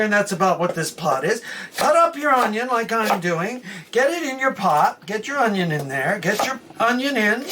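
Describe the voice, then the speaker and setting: A woman's voice: on the high side, fairly bright tone, a little hiss or hum. A woman hosting a casual home cooking tutorial in her kitchen, chatty and repeating each step. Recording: distant mic with faint background music.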